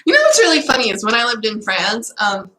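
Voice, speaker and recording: A woman's voice: fairly high pitch, very animated, fairly quick, a bit bright, echoey room, a little hiss or hum, poor audio. A young woman from the United States chatting casually in a student vlog, self-deprecating and giggly. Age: young adult. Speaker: student vlogger.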